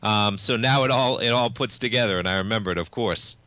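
Brief: bright-voiced young male talk-radio host, dry studio sound, upbeat and chatty. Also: fairly low pitch, a little fast, clear, resonant tone, no room sound. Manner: energetic, casual, says "man" a lot. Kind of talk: live market talk show.

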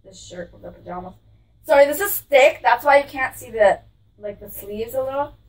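A woman's voice: sits high, animated, moderate pace, recorded from a distance, low-quality recording. A woman hosting a casual shopping-haul vlog in her room. She gushes over every item and keeps saying how cute things are. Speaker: vlog host showing a clothing haul. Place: her room with a closet behind.

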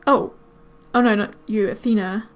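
A woman giving casual let's-play commentary, chatting to her game characters with quick excited exclamations. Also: medium pitch. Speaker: gaming video creator.

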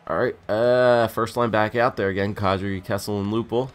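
A man's voice: on the low side, steady tone, normal speed. A young man, a bit drunk, giving chatty, rambling play-by-play commentary on a hockey video game. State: tipsy. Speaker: gaming YouTuber. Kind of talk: casual gameplay commentary.

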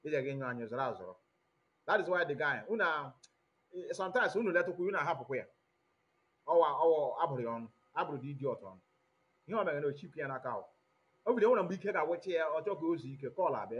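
A man with a Nigerian accent hosting an online commentary stream, talking in an animated way and switching between Igbo and English mid-sentence. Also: on the high side, racing. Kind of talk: livestream commentary. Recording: dull lo-fi audio.

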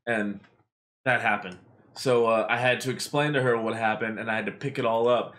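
A man hosting a podcast, telling stories in an animated, casual way with lots of swearing. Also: mid-range voice, normal speed. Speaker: podcast host. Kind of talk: casual storytelling.

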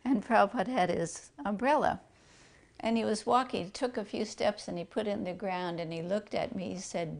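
A woman fondly recalling a personal memory, talking in a warm, reflective way. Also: medium pitch, normal speed, vocal fry. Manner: warm, fond, laughs softly. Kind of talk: reflective storytelling.

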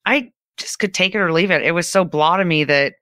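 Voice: medium pitch, brisk, pushed and bright, dry recording, clean studio sound. A podcast panelist chatting casually, frank and dismissive.

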